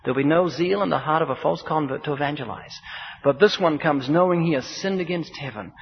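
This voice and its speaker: A man's voice: fairly high pitch, fairly quick, gravelly. A man preaching a sermon in an emphatic, rhythmic style, building points through repetition and acted-out dialogue. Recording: dull recording with long hall reverb.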